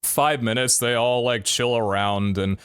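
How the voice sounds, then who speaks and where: A man's voice: mid-range voice, fairly even intonation, unhurried, a bit bright, clean tone. A young adult man streaming live, telling a story casually, full of laughs and casual swearing.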